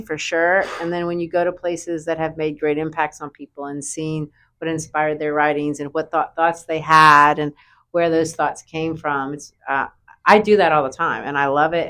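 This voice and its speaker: A woman who teaches high school English, talking casually and animatedly in an interview. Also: fairly bright tone.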